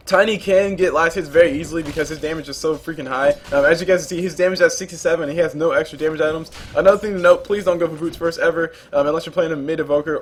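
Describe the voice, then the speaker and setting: A man's voice: a little high, a little hiss or hum. A young man casually commentating a game replay, rambling into jokey asides along the way.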